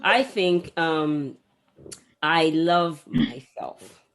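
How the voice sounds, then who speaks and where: A woman co-hosting a podcast, reacting loudly and laughing in a casual group chat. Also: low-pitched, extremely slow. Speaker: podcast co-host.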